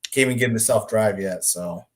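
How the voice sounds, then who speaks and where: A man's voice: lowish voice, a little fast. A man in his forties, a guest on a podcast, talking casually and easygoing with frequent laughs and hesitant fillers. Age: 40s. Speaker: guest, comic creator. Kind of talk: casual interview chat.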